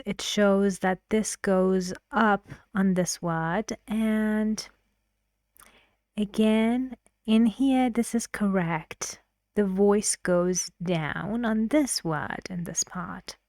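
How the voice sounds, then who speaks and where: A woman explaining intonation in an English lesson, patient and clear, sometimes dropping to a whisper. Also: mid-range voice, a little mellow, no room sound, clean studio sound. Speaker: English teacher.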